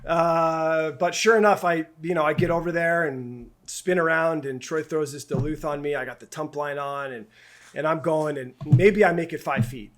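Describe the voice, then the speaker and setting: A middle-aged man with a somewhat high voice tells a personal story as an interview guest. He speaks in a halting, heartfelt way, stumbling over restarts and repeating words as he gathers his thoughts. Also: fairly even intonation. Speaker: camp director guest.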